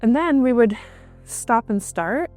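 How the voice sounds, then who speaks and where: A woman guest recounting a personal experience in conversation, halting, with frequent restarts and fillers. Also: fairly high pitch, lively intonation, darkish tone, faint music behind. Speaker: interview guest.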